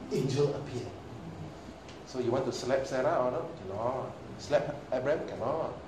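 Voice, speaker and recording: A man preaching a sermon, animated and dramatic, acting out scenes and laughing often. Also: medium pitch, normal speed. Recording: echoey hall, distant mic, ambient noise.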